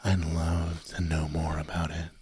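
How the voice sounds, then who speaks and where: A young man streaming late at night, chatting softly in a rambling, giggly way that often drops into a whisper. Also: rumbling low, completely flat delivery, unhurried, a little hiss or hum. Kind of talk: soft-spoken late-night stream chat. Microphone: desk microphone, no windscreen.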